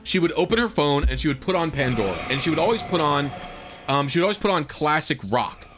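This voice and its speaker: A game streamer with a higher-pitched, animated voice talks at a quick pace over music. He meanders through a casual story, leaning on fillers and tossing in exasperated asides.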